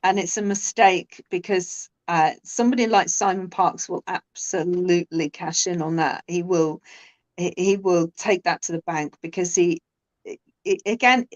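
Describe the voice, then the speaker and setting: A woman with a British accent in a casual conversation, chatty and quick to laugh. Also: lowish voice, low-quality recording. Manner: chatty, laughs often, many restarts.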